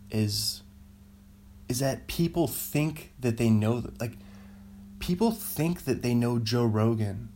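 A man's voice: on the low side, a little mellow, a little hiss or hum. A man in his thirties hosting a solo podcast, rambling, cutting himself off and laughing at his own jokes. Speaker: podcast host.

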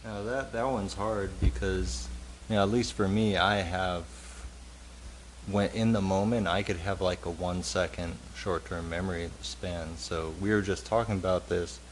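A man co-hosting a casual talk show. He speaks in a halting, candid and self-deprecating way. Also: low voice, fairly even intonation, slight background noise, low-quality recording. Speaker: podcast co-host. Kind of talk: casual conversational chat.

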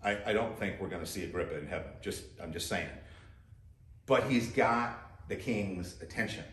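A man's voice: low-pitched, moderate pace, fairly bright tone, reverberant. A man preaching a sermon as pastor, talking conversationally and putting direct questions to his listeners.

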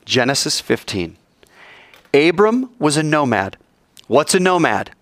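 A man preaching a sermon, telling stories in an animated way and asking his audience questions. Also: on the high side, unhurried, no room sound.

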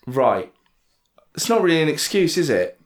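A man hosting a relaxed podcast conversation, playful and quick to laugh along. His voice sits on the higher side and swings widely in pitch. He swears casually while teasing his friends. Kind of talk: casual chat.

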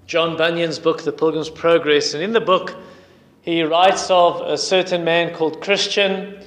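Emphatic high-voiced male preacher. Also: fairly bright tone. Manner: storytelling, emphatic. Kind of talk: sermon. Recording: long hall reverb.

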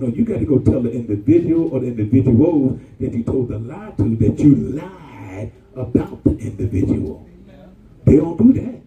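A man preaching a sermon, animated and colloquial, calling out to the congregation. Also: medium pitch, echoey room, far from the mic, phone-quality sound.

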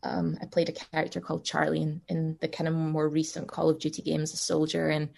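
A woman's voice: low-pitched, completely flat delivery, brisk, creaky, a little mellow. A woman from Scotland with a Glasgow accent, a voice actor chatting casually with many restarts and fillers. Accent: Glaswegian. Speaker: voice actor guest. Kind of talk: casual conversation.

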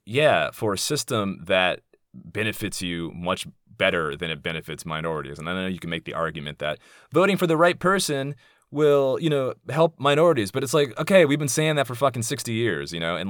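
A man's voice: sits low, animated, a little fast, fairly bright tone, no room sound, clean studio sound. A man in his thirties hosting a podcast in a casual monologue, speaking candidly and bluntly, swearing freely and wandering into asides. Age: 30s. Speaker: podcast host.

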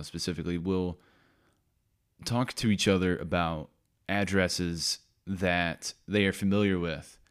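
Low-voiced man rambling on a podcast. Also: clear, resonant tone. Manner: rambling, self-interrupting, offhand. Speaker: podcast host. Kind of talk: casual rambling monologue.

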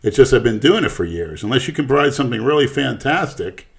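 A man co-hosting a crude, casual podcast chat, blunt and boastful, jumping louder when he stresses a point. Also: mid-range voice, very animated, quick pace, creaky. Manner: blunt, boastful, swings loud on emphasis. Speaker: podcast co-host.

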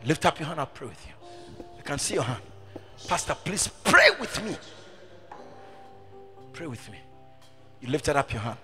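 A man, the pastor, leading a prayer and an altar call in church, swinging from hushed pleading to shouted appeals. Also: medium pitch, fairly quick, long pauses, big-room sound, soft background music. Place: church service with music behind.

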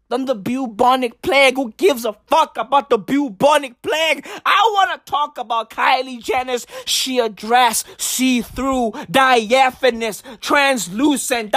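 A woman doing a profane comedic rant in street slang, her voice cracking as she lurches between yelling and whispering. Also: a little high, animated, measured pace, no echo, clean studio sound. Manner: shouty, slangy, wild swings from yells to whispers. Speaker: comic ranter.

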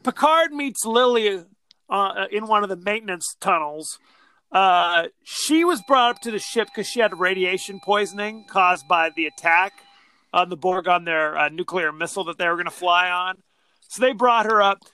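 Bright-voiced man riffing on a movie. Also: high voice, clean tone, no room sound. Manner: animated, acts out scenes in quick mock voices. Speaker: podcast co-host. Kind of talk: casual movie discussion.

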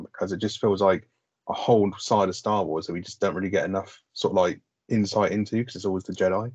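Male co-host, husky, dry-miked, dull lo-fi sound, rambling casual chat. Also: sits low, dry recording. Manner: rambling, sweary, lots of "like". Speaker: podcast co-host. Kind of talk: casual film review chat.

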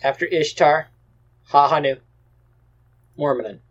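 A man's voice: a little high, fairly even intonation, unhurried, highs cut off. A man running a tabletop game as game master, giving dry, teasing warnings to the players.

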